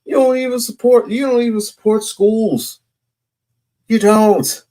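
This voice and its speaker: A man's voice: high voice, steady tone, mellow. A man hosting casual commentary, talking emphatically and repeating his points. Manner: slow, emphatic, repeats himself.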